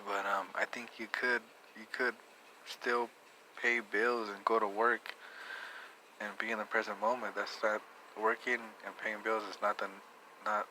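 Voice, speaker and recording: Young male vlogger, low and flat, bright tone, rambles and restarts. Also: slight background noise, low-quality recording. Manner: rambling, halting, with many restarts. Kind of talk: reflective personal storytelling.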